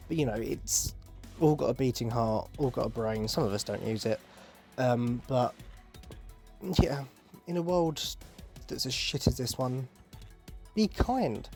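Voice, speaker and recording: Young male podcast host, mid-pitched, rambling and chatty, with faint background music. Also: a little mellow. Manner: rambling, self-interrupting, joking asides. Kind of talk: casual solo podcast talk.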